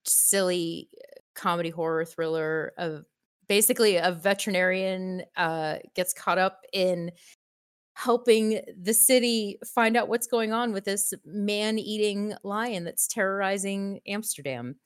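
A woman's voice: medium pitch, steady tone, measured pace, smooth. A woman co-hosting a casual film podcast, speaking hesitantly with many fillers. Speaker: podcast co-host. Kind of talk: casual chat about films.

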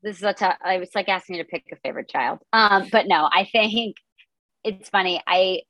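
A woman in her twenties, a comedian and content creator, is a guest on a podcast interview, chatting upbeat and casually with plenty of filler words. Her voice is medium-pitched, fairly quick, and fairly bright, in a rough recording with no echo.

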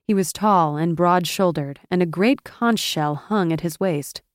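A woman narrating a fantasy audiobook in a measured, expressive storytelling manner. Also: lowish voice, no echo, studio quality. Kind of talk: scripted narration.

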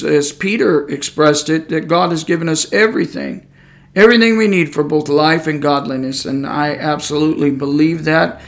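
A man, preaching on a podcast in a folksy, rambling way with many fillers. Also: fairly high pitch. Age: 60s. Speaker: pastor podcaster.

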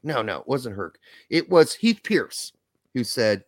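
A man's voice: medium pitch, sing-song, unhurried, no echo. A man co-hosting a casual livestream chat, talking bluntly with frequent swearing and jokes. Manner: blunt, profane, joking. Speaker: podcast co-host.

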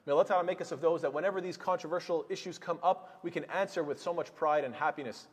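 A man's voice: a little high, fast, breathy edge. Earnest male preacher in a reverberant hall. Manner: earnest, storytelling with rhetorical questions. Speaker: imam. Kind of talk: sermon.

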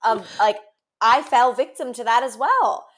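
A woman's voice: a little high, a little slow, fairly bright tone. Earnest young woman, rambling chat. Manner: earnest, rambling, full of fillers. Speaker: podcast co-host. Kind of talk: casual chat.

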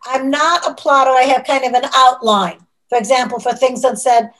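Author guest, a woman, slightly high voice, measured and reflective. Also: steady tone, fairly bright tone, rough recording. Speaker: novelist guest. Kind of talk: casual interview chat.

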